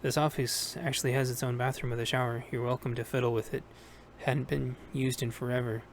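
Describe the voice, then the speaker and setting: Stern female captain with a Russian accent, read by a man, curt, even-voiced, light background hiss. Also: mid-range voice, brisk, close to an everyday voice. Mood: measured. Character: stern middle-aged woman captain, Russian-tinged.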